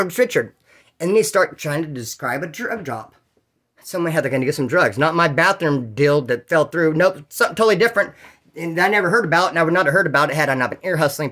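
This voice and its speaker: Guy from california rattling off jail stories, quick, cussing a lot, does everyone's voices. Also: a little high. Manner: animated, profane, acts out quoted voices. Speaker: podcast host telling prison stories. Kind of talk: casual storytelling.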